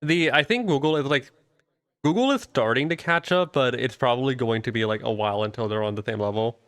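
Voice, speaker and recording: Smooth-voiced young man rambling on stream. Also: medium pitch, a little fast, a bit bright, no echo, clean studio sound. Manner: loose, rambling, swears casually. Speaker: streamer and VTuber host. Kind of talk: casual stream chat.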